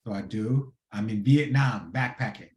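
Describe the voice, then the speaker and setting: A man's voice: on the low side, moderate pace. Man, thirties, guest storyteller, casual slangy talk, roomy echoey sound. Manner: animated, acts out quoted dialogue in a casual slangy way. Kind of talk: conversational storytelling. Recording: roomy echo.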